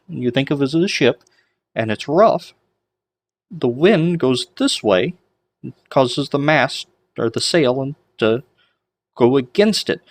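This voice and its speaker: A man giving an online lesson on ancient Greek pronunciation, explaining in a chatty way with homemade memory tricks. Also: mid-range voice. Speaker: Greek teacher.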